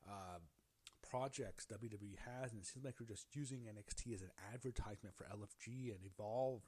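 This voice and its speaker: A man's voice: lowish voice, a little fast, darkish tone, breathy edge, no room sound. A man giving a casual spoken review, rambling with many fillers and self-corrections and sounding openly annoyed. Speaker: show reviewer.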